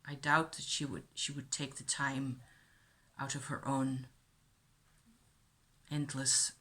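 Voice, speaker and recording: A middle-aged woman thinking aloud about her childhood in a reflective personal monologue, with many pauses and restarts. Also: extremely low pitch, level tone, sharp tone. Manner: thoughtful, musing, with many fillers and restarts.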